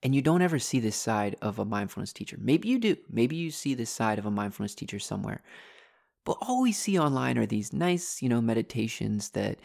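A young man, a mindfulness teacher, talking candidly into a desktop mic in his bedroom, animated and venting frustration. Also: fairly low pitch, brisk, gravelly. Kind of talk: casual candid vlog talk. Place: bedroom at home. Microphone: desktop USB condenser mic.

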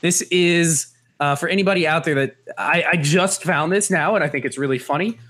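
A man's voice: fairly high pitch, a little fast, fairly bright tone. A man co-hosting a podcast, chatting casually and breaking into giggles. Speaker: podcast co-host. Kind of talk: casual chat.

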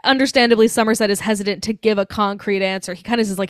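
A woman's voice: medium pitch, fairly even intonation, very fast, no echo, studio quality. A woman co-hosting a podcast, chatting casually and animatedly about a film, swearing freely and laughing often. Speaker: podcast co-host. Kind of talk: casual chat about a movie.

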